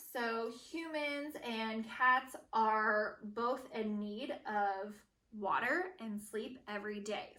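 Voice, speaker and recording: A woman teacher modeling informational writing for young children, speaking slowly and saying each word aloud as she writes it. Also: fairly high pitch, pushed and bright, distant mic. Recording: echoey room, voice a bit off-mic.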